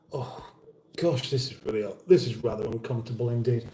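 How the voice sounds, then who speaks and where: A man's voice: mid-range voice, moderate pace, mellow, echoey room, slight background noise, poor audio. A middle-aged British man hosting a casual livestream, reading out viewer comments in a dry, wry, mock-formal way and sounding a little weary. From United Kingdom. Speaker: livestream host.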